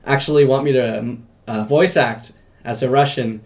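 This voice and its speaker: A man's voice: medium pitch, normal speed, darkish tone. A male podcast host in casual chat with a small game team. He talks loosely, restarts his questions, and laughs often. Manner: laughs easily, rambling questions.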